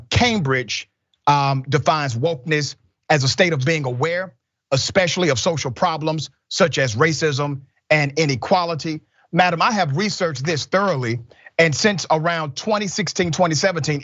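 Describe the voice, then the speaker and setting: A man formally questioning a witness at a hearing, measured and deliberate as he reads out definitions. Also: a little high, a bit bright, no echo, highs cut off.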